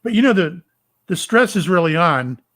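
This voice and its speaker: Older man from Florida, somewhat higher voice, talks in starts and stops; guest telling personal stories. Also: sing-song, a bit bright. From Florida, USA. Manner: rambling, halting, with many fillers and restarts. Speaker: psychic medium and retired police officer. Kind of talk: casual storytelling interview.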